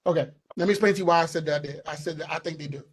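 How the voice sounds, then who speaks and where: A young man holds forth on a casual podcast, fairly high in pitch. He is animated and emphatic and circles back over the same words to drive a point home. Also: racing, husky, rough recording. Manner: animated, emphatic, repeats himself for stress. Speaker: podcast co-host. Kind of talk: casual opinionated chat.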